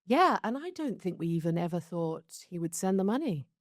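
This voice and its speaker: British woman, low voice, dry close sound, reflective storytelling, interview guest. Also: sing-song, brisk, no echo. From London, England. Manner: reflective, chatty, laughs between stories. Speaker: show creator being interviewed.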